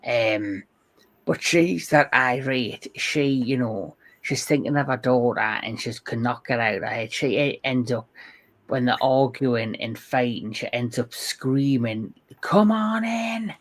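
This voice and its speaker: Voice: medium pitch, unhurried. Co-host recapping film scenes. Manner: recaps scenes in detail, swears casually. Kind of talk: casual film discussion.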